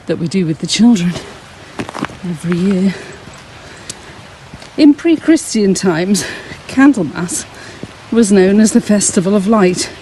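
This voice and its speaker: Woman, Sunday school leader, warm mellow tone, slow unhurried telling, a little breathless, faint outdoor hiss. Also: mid-range voice, low-quality recording. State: slightly out of breath. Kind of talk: outdoor talk to camera on a walk. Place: outdoors on a frosty hillside walk.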